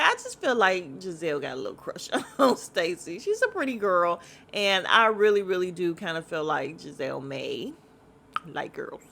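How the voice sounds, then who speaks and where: A woman's voice: medium pitch, fairly bright tone. A woman hosting a casual podcast, recapping a reality show in a sassy, blunt manner and swearing freely. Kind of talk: casual chat.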